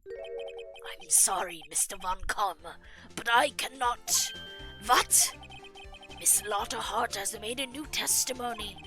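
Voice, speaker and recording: A woman voicing an older male courtroom judge who calls loudly for order, in a game playthrough. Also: mid-range voice, slow, long pauses, music in the background, natural voice. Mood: formal. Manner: loud, banging out orders. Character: flustered older male judge, easily swayed.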